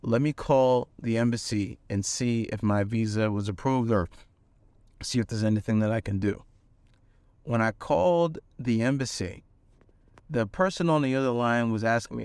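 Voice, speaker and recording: A man's voice: medium pitch, moderate pace, smooth, no echo. Earnest man telling a story. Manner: earnest, animated storytelling with fillers. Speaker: manifestation coach. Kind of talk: personal story to camera.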